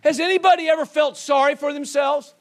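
This male pastor's voice is very high-pitched, with fairly even intonation and a fairly quick pace. Preaching in call-and-response fashion, he fires rhetorical questions, urges the congregation to respond, and acts out quoted voices.

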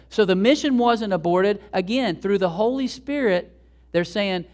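Animated pastor, higher-pitched man. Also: a little slow. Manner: animated, acts out quoted dialogue with raised voice. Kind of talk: sermon.

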